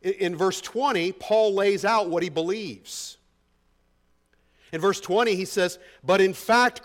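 A pastor preaching an expository sermon in a conversational, emphatic way, often asking the congregation rhetorical questions. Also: male voice, high-pitched, measured pace.

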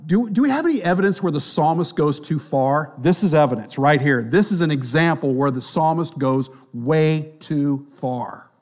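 A man preaching a sermon, swinging between quiet, near-whispered lines and loud, emphatic passages. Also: a little high, animated, moderate pace, hardly any pauses.

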